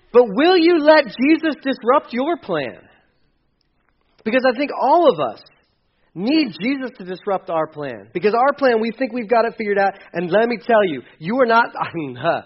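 High-voiced pastor preaching animatedly. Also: male voice, lo-fi sound. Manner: animated, conversational preaching with humor. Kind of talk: sermon.

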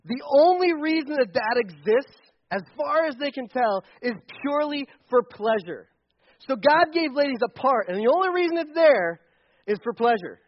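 A man preaching a lively, joking sermon as pastor to a congregation, with frequent restarts. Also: very high-pitched, normal speed, no echo, muffled recording.

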